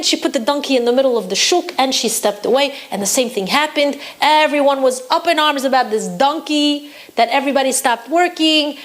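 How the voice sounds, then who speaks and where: A woman Torah teacher telling a story from tradition in a lively, expressive way for her lesson. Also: high voice.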